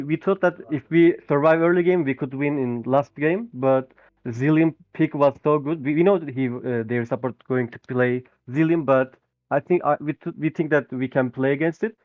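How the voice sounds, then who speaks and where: A man being interviewed after a match, speaking haltingly and repeating words as he searches for them. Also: on the high side, no echo. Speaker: pro player being interviewed. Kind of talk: post-game interview. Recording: tinny phone-like call line, dry.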